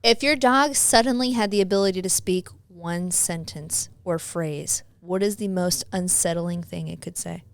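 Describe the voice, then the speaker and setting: A woman co-hosting a podcast in casual chat, relaxed, asking the others questions. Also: fairly low pitch, normal speed, gravelly, hardly any pauses, dry recording. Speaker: podcast co-host.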